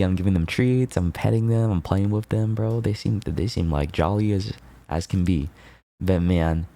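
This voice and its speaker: A deep-voiced man chatting on his stream in a loose, playful way. He laughs a lot, jumps between quick asides to his viewers, and teases them. The sound is dry and close. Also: vocal fry, mellow, dry recording. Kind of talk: casual chat with chat.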